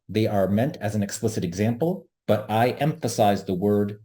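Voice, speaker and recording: A man with a fairly low, mellow voice presents an online trading webinar. He talks earnestly, leans on his key points and repeats them for emphasis, as if speaking into a close desk mic. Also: normal speed, few pauses. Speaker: webinar host, options trader.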